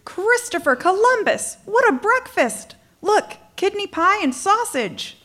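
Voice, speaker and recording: A bold, tomboyish young woman talks in quick, energetic exclamations. Her voice is high and swings widely in pitch. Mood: boisterous.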